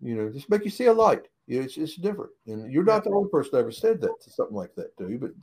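A man's voice: mid-range voice, very animated, fast talker, a little mellow, slightly rough. A man telling old racing stories in a casual interview, folksy and plain-spoken, swearing freely and tagging "right?" onto his sentences. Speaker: guest, retired race car driver.

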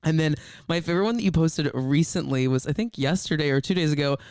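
Male podcast co-host, smooth resonant voice, dry close mic, chatty, laughs often. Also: fairly high pitch, fast talker, darkish tone, no room sound. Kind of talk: casual chat.

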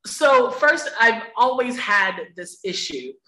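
Woman podcast guest, bright sharp voice, laughs a lot, swears, kinda echoey room. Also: on the high side, animated, slow pace. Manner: laughs often, emphatic, frank with profanity. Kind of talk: candid conversational interview.

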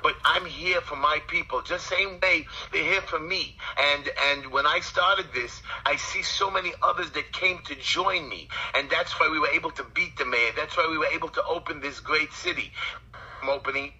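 A man's voice: fairly high pitch, moderate pace, bright, forceful tone, breathy edge. Blunt Brooklyn man on a phone line. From Brooklyn, New York. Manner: blunt, streetwise, rambling. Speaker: city council candidate, guest. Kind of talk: phone interview.

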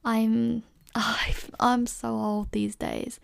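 Chatty young woman with vocal fry. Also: a little high, level tone, drawn-out words. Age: early 20s. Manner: chatty, rambling, heavy use of "like", self-conscious laughs. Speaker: podcast host. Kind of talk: casual solo Q&A podcast chat.

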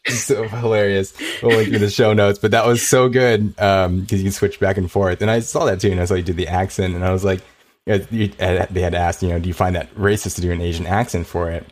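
Deep-voiced podcast host, animated. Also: male voice, slight background noise. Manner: animated, quick, laughs easily. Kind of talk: casual conversation.

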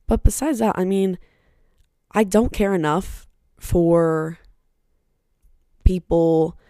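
A woman's voice: on the low side, slow, mellow, clean tone, dry recording, studio quality. A young woman hosting her own podcast, talking casually in a candid, blunt way, swearing often and wandering into side remarks. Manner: chatty and rambling, with side remarks. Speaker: podcast host.

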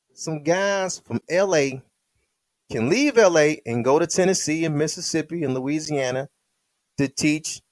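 Male podcast host, fiery sermon-like delivery, slangy, slightly high voice, dry sound. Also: darkish tone, no echo. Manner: fiery, addresses listeners as beloved, street slang. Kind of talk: preaching-style podcast talk.

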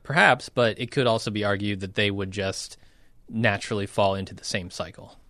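A man co-hosting a podcast, talking in a relaxed, wry way with short replies. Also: lowish voice, a little fast, dry recording, studio quality. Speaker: podcast co-host. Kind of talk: casual chat.

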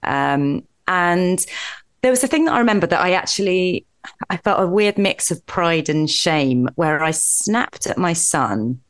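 A British woman in her forties, a podcast guest telling candid personal stories with a self-deprecating, animated manner and frequent laughter. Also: fairly low pitch, measured pace. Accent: British English. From Britain. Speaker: podcast guest, comedy actress. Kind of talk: candid conversational storytelling.

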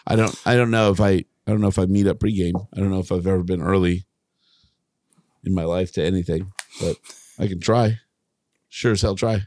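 A man's voice: sits low, fairly even intonation, a little fast, darkish tone, no room sound. A man co-hosting a podcast in casual banter, joking and rambling with lots of restarts. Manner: joking, rambling, self-interrupting. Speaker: podcast co-host.

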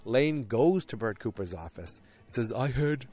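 A man's voice: lowish voice, very animated, moderate pace, warm tone. A man hosting a podcast, rambling casually with lots of fillers and restarts. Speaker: podcast host recapping a TV show. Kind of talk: casual chat.

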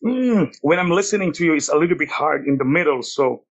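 Easygoing caller guy in his 30s from montreal, a bit high voice, keeps saying brother. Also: lively intonation, brisk. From Montreal, Canada. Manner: laid-back, repeats phrases, calls people brother and bro. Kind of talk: casual phone-in chat.

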